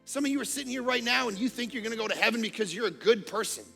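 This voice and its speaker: A middle-aged man preaching a sermon as pastor, telling jokey family stories and swinging from quiet asides to near-shouting. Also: extremely high pitch, racing, gravelly, husky, soft background music. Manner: casual, joking storyteller. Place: church auditorium.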